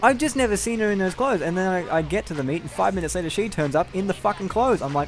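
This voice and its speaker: A man's voice: sits high, lively intonation, fast, few pauses, a little hiss or hum. A young man telling a long, rambling personal story over gameplay, candid and casual with frequent swearing. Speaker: gameplay commentator.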